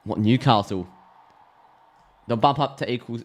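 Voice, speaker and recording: An Australian man giving a chatty, excitable live reaction to a football match, thinking aloud and restarting his sentences. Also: mid-range voice, a little fast. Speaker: football streamer.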